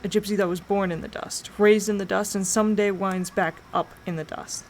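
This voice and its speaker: A woman voicing a bold, dreamy young boy in a storybook reading, talking in eager, excited bursts. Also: mid-range voice, fairly quick, slight background noise, close to an everyday voice. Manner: excited, breathless listing.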